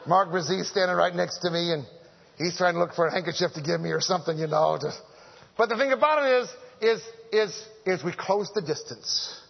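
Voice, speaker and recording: Man, preacher, husky high voice, animated and joking, dull lo-fi church recording. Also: fairly quick. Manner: animated, joking, repeats phrases, calls out to the men. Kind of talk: conversational sermon. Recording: echoey hall, dull lo-fi sound.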